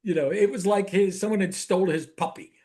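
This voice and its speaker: A man's voice: sits high, brisk. A man from Ohio co-hosting a podcast, telling stories in casual chat and acting out the lines of the people in them. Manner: animated storyteller, acts out quoted lines. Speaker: podcast co-host.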